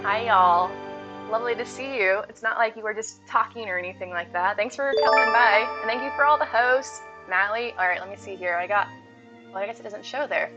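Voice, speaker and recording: A woman's voice: mid-range voice, fairly quick. A woman game streamer chatting casually with her live viewers, laughing often, on slightly dull audio with faint music.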